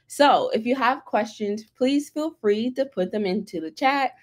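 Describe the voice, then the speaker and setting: Woman host, bubbly live-stream presenter, slightly high voice. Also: a little slow. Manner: bubbly, chatty, reading out the chat. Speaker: livestream host, head of community. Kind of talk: excited live stream hosting. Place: Atlanta.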